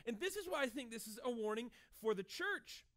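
A man in his thirties preaching a sermon in a conversational, animated way, acting out short dialogues as he goes. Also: very high voice, fairly quick. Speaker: pastor.

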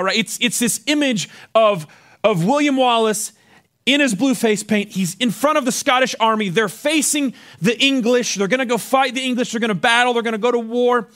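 A male pastor delivers a sermon with an unusually high voice. His pitch swings widely as he preaches, and he often repeats words when he restarts a thought. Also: fairly bright tone.

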